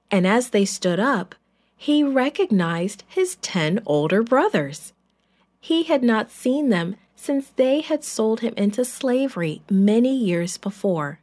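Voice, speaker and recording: Woman reading kids a bible story in church, real slow, lots of expression. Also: mid-range voice, darkish tone. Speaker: children's storyteller.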